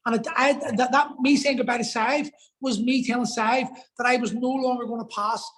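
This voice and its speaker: A man's voice: very high voice, fairly even intonation, normal speed, a bit bright, rough recording. A man telling a personal story as a podcast guest, earnest and emotional, swearing for emphasis.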